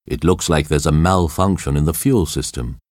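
A man voicing a calm, stern male airline captain in an audiobook story, giving firm orders. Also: very deep voice, moderate pace, dry recording, clean studio sound. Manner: firm, commanding.

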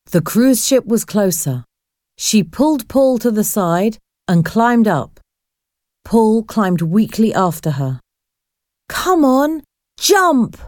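Slow, mellow woman narrating a storybook. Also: medium pitch, lively intonation, dry recording, studio quality. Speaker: audiobook narrator. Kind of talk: slow graded-reader narration.

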